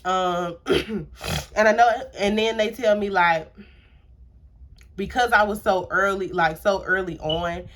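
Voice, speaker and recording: A woman's voice: medium pitch, slow, long pauses, fairly bright tone. A young adult woman casually telling a personal story to camera, chatty, repeating herself and using many filler words. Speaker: storytime vlogger.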